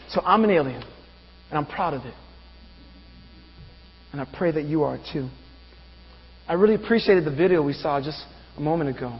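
A pastor preaching a sermon, asking the congregation rhetorical questions. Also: male voice, high voice. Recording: dull reverberant room with mains hum.

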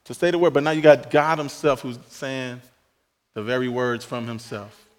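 A male pastor preaching a sermon emphatically, rising on key phrases and dropping to soft, quiet asides. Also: mid-range voice, fairly even intonation, normal speed, in a large hall.

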